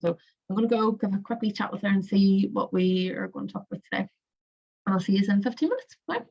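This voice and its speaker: A woman's voice: medium pitch, fast, creaky. A young woman, coaching breathwork in a casual, rambling way with many fillers and restarts. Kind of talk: casual spoken instruction. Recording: muffled lo-fi audio.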